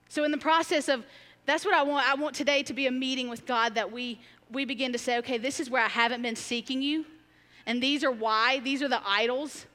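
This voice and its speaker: A woman's voice: on the high side, bright, forceful tone. A woman preaching a sermon in a church, candid and emotional, talking in a conversational way and laughing often. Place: church sanctuary. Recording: long hall reverb.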